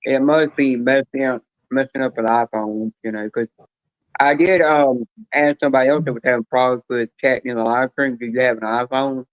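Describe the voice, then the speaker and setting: A man's voice: medium pitch, fairly even intonation, a little fast, no echo, muffled recording. A man chatting casually on a live stream panel, telling rambling joking stories full of fillers.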